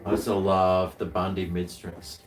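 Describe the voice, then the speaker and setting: Laid-back low-voiced Australian man. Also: level tone, moderate pace, echoey room, distant mic. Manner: rambling, with many restarts and fillers. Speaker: co-host of a live stream. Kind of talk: casual chat.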